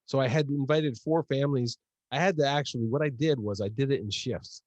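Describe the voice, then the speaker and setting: A man's voice: mid-range voice, fairly quick, darkish tone, dry recording, highs cut off. A man hosting a casual chat show, talking in a chatty way with fillers and frequent laughs. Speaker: host.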